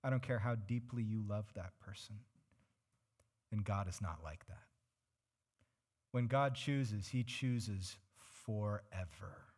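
A man's voice: fairly low pitch, a little slow, pauses often, darkish tone. A male pastor preaching a sermon, earnestly explaining scripture and putting questions to his congregation.

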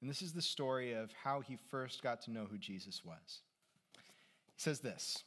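Male pastor mid-sermon, mid-pitched, relaxed asides to the congregation. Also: normal speed.

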